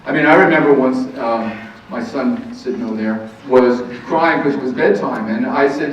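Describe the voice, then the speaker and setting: Middle-aged male counselor, lively storyteller; muffled, faint hiss, captured from across a hall. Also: mid-range voice, normal speed. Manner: lively, anecdotal, laughs easily. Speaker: counselor giving a parenting talk. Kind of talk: live talk to an audience. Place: meeting room with audience. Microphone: distant room mic. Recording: echoey room, far-off muffled mic.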